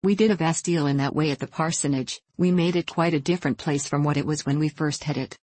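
A woman's voice: deep voice, quick pace, a little mellow, breathy edge, dry recording. A woman reading an audiobook voices a fussy, boastful older aunt who rambles on self-importantly.

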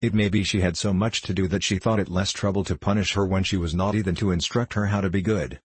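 A man reading an audiobook, voicing a patient mother who speaks in a measured, gently admonishing way. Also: sits low, fairly even intonation, husky, no room sound. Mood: grave.

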